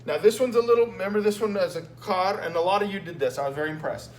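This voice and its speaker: A high-pitched, fast-talking Spanish teacher goes through a written exam with his students, giving patient, repetitive explanations and frequent "okay?" check-ins. The recorded lesson comes from an echoey room with a faint hum.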